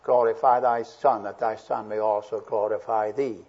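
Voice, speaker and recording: A man's voice: fairly low pitch, steady tone, moderate pace, a little mellow. A man preaching a sermon verse by verse, earnest and swelling with emphasis on key words. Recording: dull lo-fi old recording.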